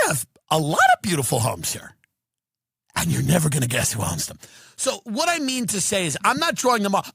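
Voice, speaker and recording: Ranting, incredulous man with lively pitch. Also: fairly quick, creaky, breathy edge, no room sound, studio quality. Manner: incredulous, ranting, mocks others in put-on voices. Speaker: podcast host. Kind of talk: comedic rant.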